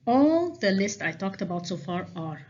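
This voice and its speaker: A woman's voice: mid-range voice, very animated, normal speed, a little mellow. Woman teacher, patient, lots of "okay?". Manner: patient, stresses key points with frequent "okay?". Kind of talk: recorded grammar lecture. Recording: slightly dull lo-fi sound with faint noise.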